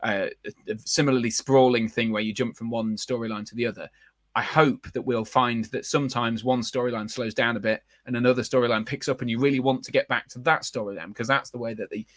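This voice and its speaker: A man's voice: mid-range voice, fairly even intonation, a little fast, fairly bright tone, no room sound, studio quality. A man hosting a casual live chat about a fantasy series, rambling with many fillers and restarts. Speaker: podcast host.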